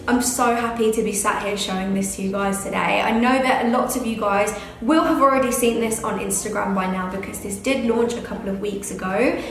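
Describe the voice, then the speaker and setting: Young British woman, beauty vlogger, gushing and teary, slightly high voice, heavy room echo. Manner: gushing, emotional, many restarts. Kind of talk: casual talk to camera. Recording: very echoey room.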